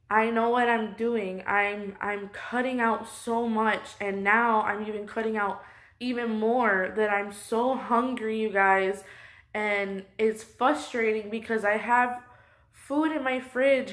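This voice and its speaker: A woman's voice: mid-range voice, fairly bright tone. A woman close to tears, venting her frustration in a personal vlog from her couch at home. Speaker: vlogger.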